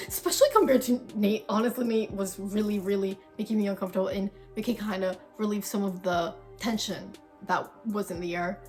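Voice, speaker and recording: A woman's voice: mid-range voice, darkish tone. A young woman vlogger telling a story in casual, dramatic chat, swearing freely. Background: faint background music.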